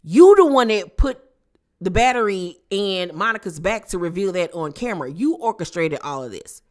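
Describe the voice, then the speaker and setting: A woman's voice: medium pitch, animated, normal speed. Sassy woman recapping reality TV. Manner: sassy, slangy, blunt. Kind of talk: casual commentary vlog.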